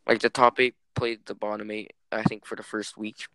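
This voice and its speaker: A man's voice: lowish voice, flat delivery, moderate pace, vocal fry, bright, forceful tone, clean tone, dry recording. A man hosting a casual gaming chat, chatty and speculative, steering the talk with questions.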